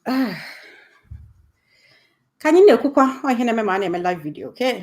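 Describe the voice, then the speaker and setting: A woman's voice: on the high side, animated, fairly quick, darkish tone. Patient woman teaching a language lesson. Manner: explains patiently and keeps checking in with the listener; switches between Igbo phrases and English explanations. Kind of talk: casual live video lesson.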